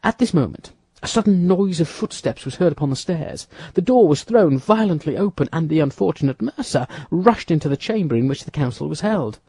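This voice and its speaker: A man narrating a classic adventure novel as an audiobook, in a lively storytelling manner. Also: a little high, brisk, hardly any pauses, breathy edge, no echo. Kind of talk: scripted narration.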